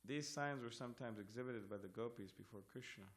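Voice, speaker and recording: In a temple hall, a man with a medium-pitched voice leads a scripture class, reading verses and commentary aloud in a measured, word-by-word way.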